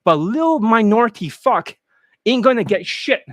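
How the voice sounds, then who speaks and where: A man's voice: sits high, big pitch swings, moderate pace, no echo, clean studio sound. A man ranting as a dating coach, blunt, profane and mocking.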